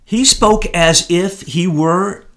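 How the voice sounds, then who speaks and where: A man's voice: sits high, slow, a bit bright. A man co-hosting a political commentary chat, emphatic and scornful in his delivery. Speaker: co-host.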